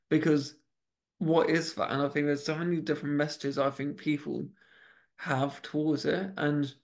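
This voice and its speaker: A man's voice: a little high, little pitch movement, moderate pace, creaky. A man hosting a podcast in casual chat, rambling with many restarts and fillers. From United Kingdom. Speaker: podcast host.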